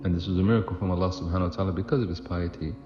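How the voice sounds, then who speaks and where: A man's voice: low-pitched, fairly even intonation, very fast, dull audio. A man telling a religious story in a sermon, chatty and loose, with fillers and restarts, recorded in an echoey hall with music behind. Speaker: preacher.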